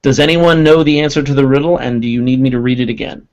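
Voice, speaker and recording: A man running a tabletop game as game master, describing scenes and correcting himself as he goes. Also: mid-range voice. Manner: descriptive narration with quick self-corrections.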